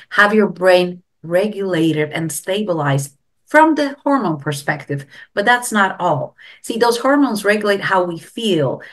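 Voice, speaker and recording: Earnest middle-aged woman, slightly low voice. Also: fairly bright tone. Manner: emphatic and earnest, stressing key advice. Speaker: neuroscience guest expert. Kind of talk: explanatory interview talk.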